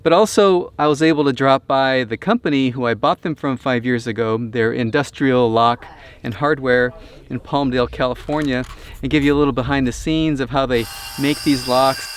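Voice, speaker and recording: A man hosting an RV do-it-yourself vlog, telling a story in a chatty, relaxed way. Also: medium pitch, normal speed. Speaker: RV DIY channel host.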